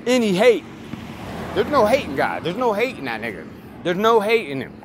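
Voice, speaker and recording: This male vlogger's voice sits high and sing-song at a moderate pace as he rambles emphatically and profanely outdoors. Traffic nearby makes for loud street and vehicle noise.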